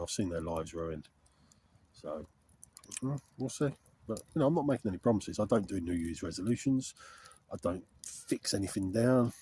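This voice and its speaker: A middle-aged man who vlogs about wild camping chats to the camera in an easy, rambling way from a frosty woodland camp. His low voice has a warm tone, and some light background noise is audible.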